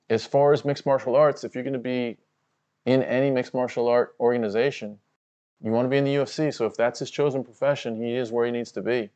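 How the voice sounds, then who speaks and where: A man talks through the fights live with a loose, swearing, analytical flow, piling up "you know" fillers as he explains his thinking. He speaks at a middling pitch. The audio is dull and lo-fi. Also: a little mellow. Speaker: co-host of a fight watch-along stream. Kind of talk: casual live fight commentary.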